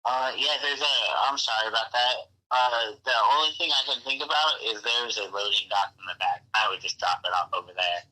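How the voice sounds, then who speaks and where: A man on a phone call who answers haltingly, with many restarts, and sounds apologetic. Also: lowish voice, steady tone, pushed and bright. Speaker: prank call target. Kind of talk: phone conversation.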